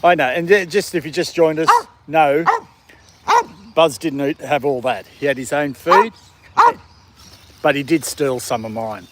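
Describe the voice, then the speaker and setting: Relaxed Australian man chatting outdoors. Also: on the high side, unhurried, pauses often, noisy background. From Australia, country town. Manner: relaxed, rambling, chuckles often, coos at his dog. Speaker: dog livestream host. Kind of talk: casual outdoor livestream chat. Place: outdoors in a city park in the evening.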